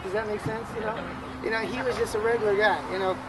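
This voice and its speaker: A middle-aged man speaks at a memorial for a lifelong friend, stumbling through restarts and fillers. His voice sits fairly high for a man. He is recorded outdoors with loud urban noise all around. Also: steady tone, crowd noise. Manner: halting, many restarts and fillers. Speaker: friend giving a eulogy. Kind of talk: memorial tribute speech.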